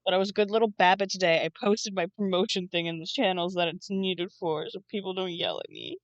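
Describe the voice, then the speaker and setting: A woman's voice: fairly low pitch, expressive, fairly quick, no room sound, highs cut off. A young woman streamer chatting casually while she draws, groggy from just waking up, rambling and swearing now and then. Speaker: streamer and artist. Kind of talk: casual live-stream chat.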